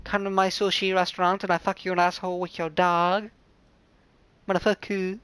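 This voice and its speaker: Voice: medium pitch, flat delivery, normal speed, fairly bright tone, smooth, no echo, close to an everyday voice. A friend on voice chat putting on a crude, exaggerated fake accent as a cursing restaurant owner caricature. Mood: hostile. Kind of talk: voice-chat prank banter.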